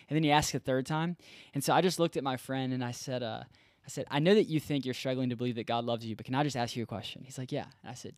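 An earnest young man shares a story in casual podcast conversation, slipping into the voices of the people in it. His voice sits at an average pitch, and the sound is dry and close. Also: steady tone, fast, dry recording. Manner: earnest, conversational, reenacts dialogue. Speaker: former intern, campus ministry worker.

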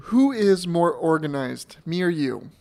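A man's voice: a little high, very animated, unhurried, creaky, dark tone. A man giving short dry answers and jokes while playing a question card game with friends.

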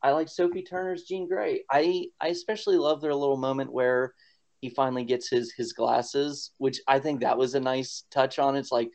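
With a medium pitch, fairly even intonation, and a somewhat mellow sound, a male podcast co-host speaks at normal speed. The conversation is casual and rambling, with many fillers and frequent laughs, recorded as dull lo-fi audio.

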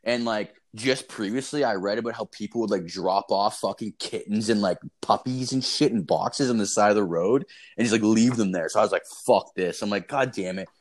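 A man's voice: on the low side, fairly quick, hardly any pauses. A man telling rambling, profane stories in a casual online voice call. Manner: profane, rambling, animated storytelling. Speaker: storyteller in casual chat. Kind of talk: casual chat.

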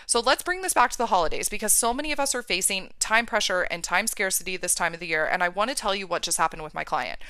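A woman's voice: mid-range voice, expressive, fast, few pauses, sharp tone, dry recording. A woman life coach talking on a podcast, emphatic and casual, with the odd swear word.

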